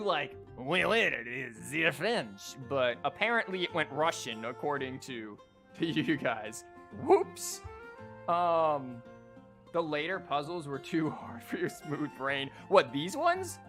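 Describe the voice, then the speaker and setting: A male streamer in loose livestream chat, stammering and wandering as he talks to his viewers. His voice is bright and forceful, and faint music plays underneath. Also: a little high, very animated, a little slow. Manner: rambling, stammering, chatty with chat.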